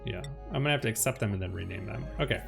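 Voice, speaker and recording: A man's voice: on the low side, racing, creaky. Chatty man commenting over music. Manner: chatty, swings between calm planning and loud alarm. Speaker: let's play host. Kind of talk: casual gameplay commentary. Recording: music playing behind the voice.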